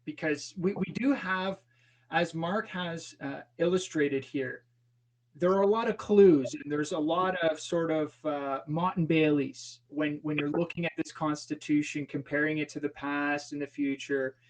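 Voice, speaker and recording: A man's voice: on the high side, steady tone, a little slow, poor audio. A man hosting a casual podcast discussion, rephrasing himself as he leads into his questions. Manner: leading questions, rephrases and restarts. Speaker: podcast host asking questions.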